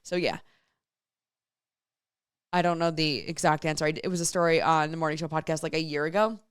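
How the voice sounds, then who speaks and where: A woman's voice: deep voice, a little fast, smooth, no room sound, clean studio sound. A woman hosting a radio show solo, telling a story in a chatty way and reading listener messages aloud. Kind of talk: casual solo radio chat.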